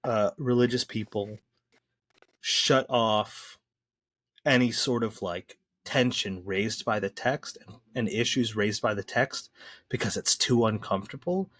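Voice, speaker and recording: A man in a casual podcast discussion, explaining things in a lively, slangy way with frequent restarts. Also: on the low side, unhurried, no room sound. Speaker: podcast co-host discussing the Bible.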